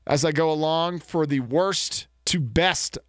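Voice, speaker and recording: A man's voice: fairly high pitch, a little slow, no room sound. A man co-hosting a community radio sports show in casual banter, joking with dry self-mocking asides, his voice a bit stuffed up from allergies.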